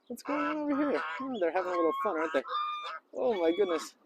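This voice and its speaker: A very animated man talks at a quick pace over background noise while vlogging at a lakeside park. He's a vlogger and English teacher hosting a casual outdoor narration, chatty and playful, often greeting the birds in a high, raised voice. Geese and ducks honk faintly behind him.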